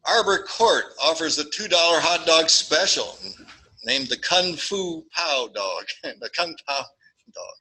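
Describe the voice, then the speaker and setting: A man's voice: on the high side, measured pace, rough recording. A man teaching a statistics class, joking and acting out little scenes as he works through problems. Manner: jokey, animated, acts out little scenes. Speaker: statistics lecturer. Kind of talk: classroom lecture.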